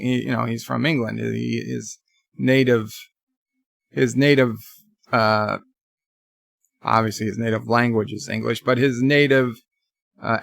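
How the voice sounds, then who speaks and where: A man's voice: mid-range voice, creaky, fairly bright tone, no echo, studio quality. A man giving a casual, rambling live review of a TV episode, with many restarts, retelling scenes. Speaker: YouTube TV reviewer.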